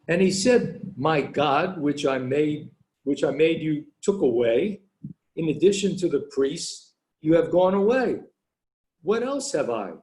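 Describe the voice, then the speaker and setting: A man reading verses of scripture aloud for a class, measured and deliberate. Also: a little high, expressive, a little mellow, rough recording.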